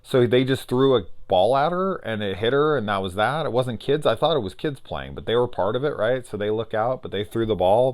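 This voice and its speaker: Man, low voice, casual film review, swears a lot, mimics characters. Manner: loose, profane, acts out scenes in quick voices.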